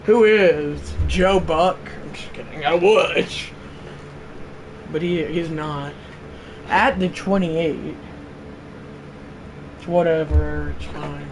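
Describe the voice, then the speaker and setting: A man hosting a livestream, doing mock play-by-play of a football video game, bursting into loud excited calls between low offhand asides to his chat, in a room at home. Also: takes it slowly, long pauses, rough recording. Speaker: livestream host. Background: faint fan hum.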